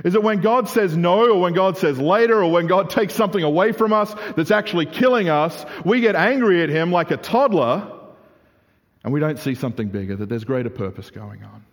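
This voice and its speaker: A young adult man preaching a sermon in a casual, animated way, full of "like" fillers. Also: sits high, fairly quick. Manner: conversational, animated, frequent "like" fillers. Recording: reverberant hall.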